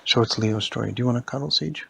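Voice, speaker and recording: Gravelly-voiced dad telling a bedtime story. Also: male voice, medium pitch, fairly even intonation, very fast. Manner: soft, meandering storytelling with silly voices.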